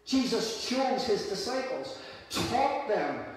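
Male preacher, very high voice, emphatic and repetitive, echoey church hall mic. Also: sing-song, takes it slowly, far from the mic, a little hiss or hum. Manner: emphatic, repeats phrases for effect. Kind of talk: sermon.

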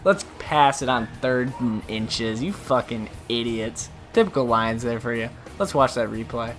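A man giving casual, foul-mouthed commentary over a football video game, trash-talking the team he follows and shouting when plays go wrong. His voice sits in an ordinary middle pitch. Faint music plays underneath. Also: measured pace. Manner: profane, mocking, gets loud and excited. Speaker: gaming YouTuber.

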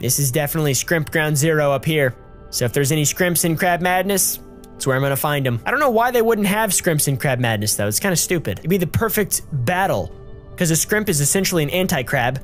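Excitable swearing woman gaming commentator. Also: low-pitched, quick pace, soft background music. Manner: excitable, swearing, giggly, jokey. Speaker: gamer and channel host. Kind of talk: casual gameplay commentary.

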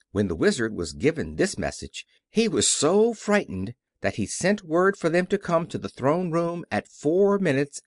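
A man's voice: mid-range voice, no room sound, studio quality. A man reading a children's novel aloud as an audiobook narrator, telling the story expressively. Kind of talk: scripted narration.

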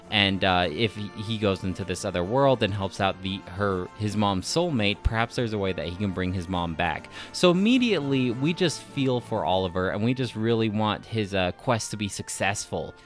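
A man's voice: lowish voice, fairly bright tone. A young man giving a casual, enthusiastic spoken review of a video game, with lots of filler words.

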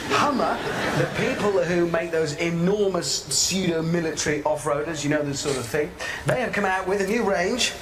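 Wry man, high voice. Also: normal speed, crowd noise. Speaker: TV co-presenter. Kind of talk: scripted comic news segment.

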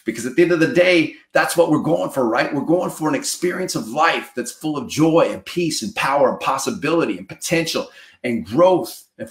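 A man's voice: on the high side, echoey room. A man giving a motivational talk as a coach, emphatic and preachy, repeating lines for effect. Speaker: mortgage marketing coach.

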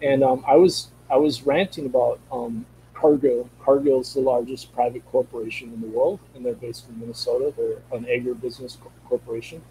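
A man of middle pitch tells a personal story in a loose, conversational way, stumbling over his words and repeating himself as he goes. A faint hum sits under his voice. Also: fairly even intonation, brisk, hardly any pauses, dark tone, poor audio. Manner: rambling, repeats words and restarts often. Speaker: guest telling a personal story.

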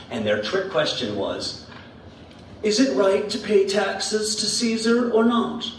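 In a church sanctuary, a man with a mid-range voice gives a children's message, playfully laughing as he quizzes the kids with riddles. He is far from the mic, so the sound is echoey and distant, with slight background noise.

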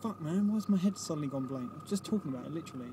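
A man rambles casually about films from inside a car, swearing now and then and losing his thread. His voice sits on the higher side. Loud road and engine noise runs under everything. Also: animated, racing. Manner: rambling, profane, loses his train of thought. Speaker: vlogger. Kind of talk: casual film chat.

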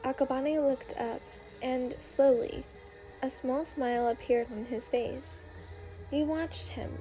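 A woman narrating a story in a gentle, unhurried ASMR reading. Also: on the high side. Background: faint music.

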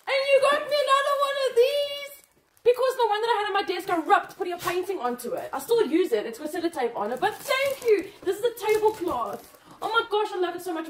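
A woman unboxing gifts on camera, talking excitedly and emotionally to her viewers. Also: very high voice, normal speed, echoey room, a little hiss or hum. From South Africa. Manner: excitable, emotional, exclaiming and laughing. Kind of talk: casual chat to camera.

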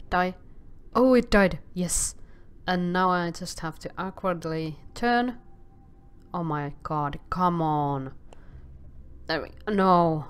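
A woman's voice: fairly low pitch, takes it slowly. A woman casually commenting on a video game as she plays, exclaiming often and stammering filler sounds when things go wrong. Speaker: gameplay commentator.

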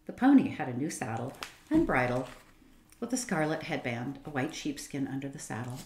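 A low-voiced woman reads a children's book aloud. Her delivery is expressive and gently paced, rising and falling a lot. The room lends a noticeable echo. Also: normal speed, slight background noise. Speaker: storyteller. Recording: roomy echo.

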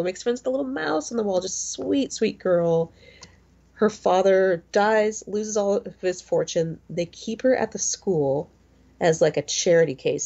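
A woman's voice: fairly low pitch, mellow, highs cut off. A woman in her forties co-hosting a podcast, telling stories in a rambling, chatty way full of fillers. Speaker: podcast co-host. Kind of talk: casual chat.

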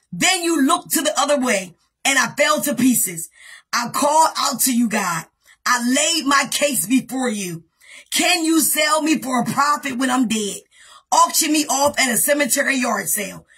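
High, bright, husky-voiced woman preaching. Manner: impassioned preaching, often shouting, call-and-response. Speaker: pastor. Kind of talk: sermon.

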